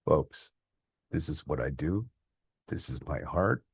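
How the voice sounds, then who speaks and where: A man, the host and author, reading his short story aloud in a quiet, heartfelt way. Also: rumbling low, lively intonation, slow pace, breathy edge, no echo, clean studio sound.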